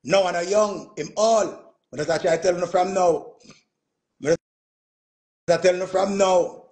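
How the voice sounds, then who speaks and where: A Jamaican man, a music performer, telling a boastful story in an animated, casual rant, dropping "man" and "yo" and laughing as he goes. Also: sits high, measured pace.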